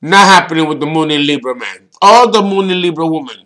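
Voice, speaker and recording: A man giving a solo astrology talk as an astrologer, deliberate and emphatic, blunt and sometimes swearing. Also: fairly high pitch, animated, fairly bright tone, slight background noise.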